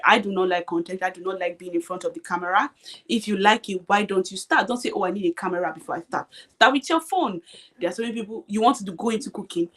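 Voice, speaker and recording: Emphatic young woman giving career advice. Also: medium pitch. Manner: emphatic, repeats points, asks "you understand?". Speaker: guest speaker. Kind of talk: motivational live-stream chat.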